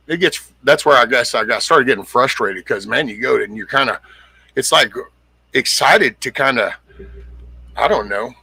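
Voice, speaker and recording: Middle-aged male streamer, husky, rambling and blunt, close dry sound. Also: medium pitch, pushed and bright, dry recording. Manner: rambling, blunt, swears casually, greets viewers by name. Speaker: livestream host. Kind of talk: casual livestream chat reading comments.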